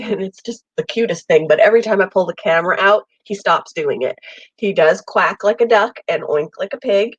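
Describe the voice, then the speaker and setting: At a normal pace and fairly low pitch, a woman hosting a pet channel rambles through a relaxed live viewer chat, friendly and full of ums. A summer cold has her coughing occasionally. She's in a home room with an air conditioner, and the lo-fi recording is dry.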